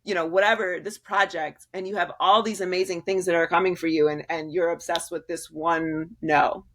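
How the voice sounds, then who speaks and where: Lower-voiced woman, candid and emphatic, laughs a lot, rambly restarts. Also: fairly even intonation, moderate pace, fairly bright tone. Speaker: sports media guest. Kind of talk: candid interview conversation.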